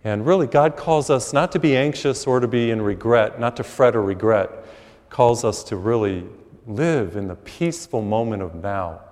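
A man's voice: medium pitch, normal speed, a little mellow, long reverb tail. A man preaching a conversational, storytelling sermon as priest in a church.

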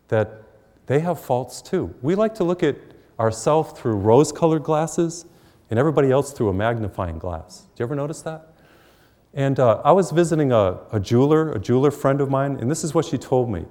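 A man's voice: medium pitch, darkish tone, big-room sound. A middle-aged man preaching a sermon, telling a story with emphasis and humor.

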